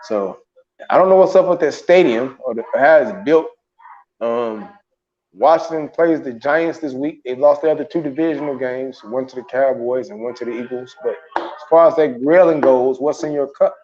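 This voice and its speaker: A man's voice: medium pitch, moderate pace, darkish tone, highs cut off. A man co-hosting a casual sports talk show, rambling through his points with frequent laughs and restarts. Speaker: morning show co-host.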